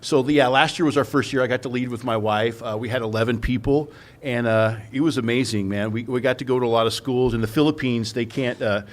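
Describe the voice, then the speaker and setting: A Californian man talks on a live podcast in a coffee house, recounting his stories with animated energy. He slips into other people's voices when he quotes them, and his pitch sits in the middle range. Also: brisk. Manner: animated storytelling, acts out quotes. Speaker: guest speaker in recovery.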